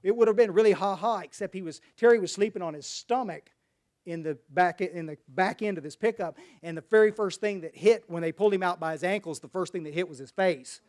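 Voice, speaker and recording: A man's voice: sits high, fairly quick, darkish tone. A man from Dallas, Texas, telling his personal recovery story at a meeting in a folksy, rambling way with many restarts.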